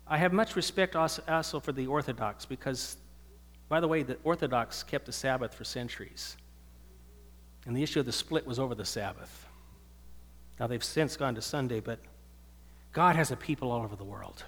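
A man's voice: medium pitch, normal speed, pauses often, fairly bright tone. Male preacher in an echoing hall. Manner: earnest, swelling to emphatic preaching. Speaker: pastor. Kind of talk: sermon. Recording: long hall reverb.

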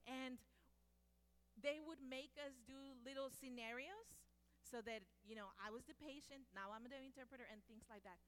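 A native Spanish-speaking woman with a notably high voice shares personal stories. She talks expressively and slips into the voices of the people she describes. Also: moderate pace, a bit bright, smooth. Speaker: speaker and former medical interpreter. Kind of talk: personal storytelling talk.

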